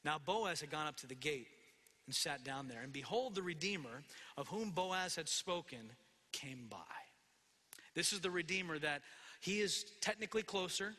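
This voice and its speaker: Male pastor, high bright voice, expository sermon, long reverb. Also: moderate pace. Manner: expository preaching with quoted scripture and asides.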